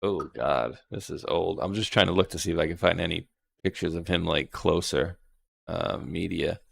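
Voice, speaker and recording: A man's voice: sits low, normal speed, vocal fry. A man hosting a laid-back online show, reading posts aloud and reacting. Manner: laid-back, laughs often. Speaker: show host.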